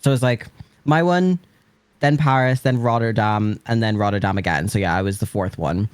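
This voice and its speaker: A man's voice: fairly low pitch, normal speed, clean tone, dry recording. An Irish man, a drag performer, chatting casually and rambling with self-mocking humour. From Ireland. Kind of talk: casual chat.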